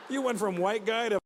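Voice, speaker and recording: A man's voice: sits high, long reverb tail, background noise. A male stand-up comedian from Canada doing crowd work on stage, firing teasing, profane questions at the audience.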